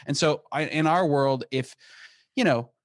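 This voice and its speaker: A man's voice: fairly high pitch, unhurried, dry recording. A man, a company founder, talking energetically as an interview guest, often restarting and repeating words. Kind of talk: conversational podcast interview.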